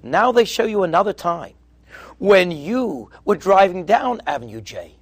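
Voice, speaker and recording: A man's voice: sits high, sing-song, unhurried, dry recording. Man, rabbi, sermon, storytelling with acted-out dialogue, Hebrew and Yiddish terms, dry close sound. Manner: storytelling, acting out dialogue in quotes. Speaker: rabbi addressing yeshiva students.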